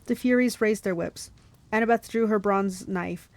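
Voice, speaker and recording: A young woman reading a novel aloud for a book club, lively, with laughs and asides. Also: mid-range voice, normal speed, dry recording.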